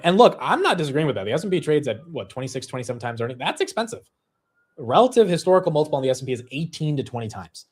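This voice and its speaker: A young man hosting a live stock market stream, chatting casually and laughing at himself. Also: medium pitch. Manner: self-deprecating, quick-shifting, laughs at himself.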